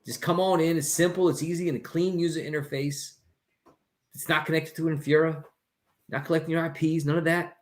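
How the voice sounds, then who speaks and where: Enthusiastic man pitching on a livestream. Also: flat delivery, brisk. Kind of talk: casual livestream chat.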